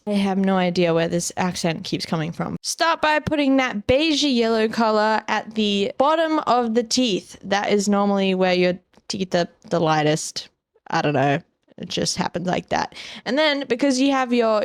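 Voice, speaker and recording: A woman's voice: medium pitch, no echo, clean studio sound. A young woman talking through a drawing tutorial in a playful, jokey way, chatting to viewers. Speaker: art tutorial host. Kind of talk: casual drawing tutorial voice-over.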